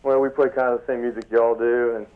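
An eager man calling in who talks fast in a flat, even voice and swears casually. The line sounds muffled and lo-fi. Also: mid-range voice, clear, resonant tone. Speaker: caller. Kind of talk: casual phone call. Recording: dull phone-line sound.

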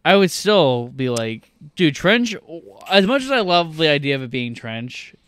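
A man's voice: medium pitch, animated, moderate pace, fairly bright tone, smooth. A man co-hosting a podcast, casually and animatedly retelling movie scenes and acting them out. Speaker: podcast co-host, film superfan. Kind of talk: casual film chat.

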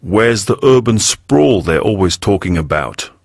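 A man's voice: on the low side, lively intonation, unhurried, gravelly, dry recording, studio quality, exaggerated voice. A man voicing a wry, polite detective in an audiobook story. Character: wry, polite middle-aged male detective.

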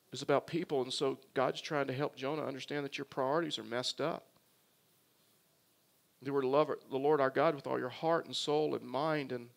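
A man, a pastor, preaching a sermon in a conversational way that turns emphatic and animated. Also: mid-range voice, gravelly.

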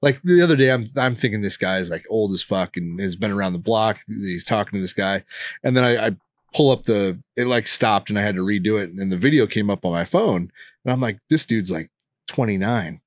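A low-voiced man rambles casually through a story on a podcast, with lots of fillers. The sound is dry and close. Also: animated, fairly quick, dry recording. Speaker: podcast co-host. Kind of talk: casual chat.

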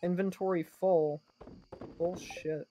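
A woman's voice: lowish voice, fairly even intonation, slow, dark tone. A woman streamer chatting while gaming, wisecracking and swearing casually.

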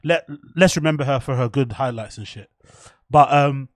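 A man's voice: medium pitch, moderate pace, dry recording, clean studio sound. A man hosting a live stream, rambling and swearing as he reacts to a fight and reads out chat. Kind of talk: casual live-stream commentary.

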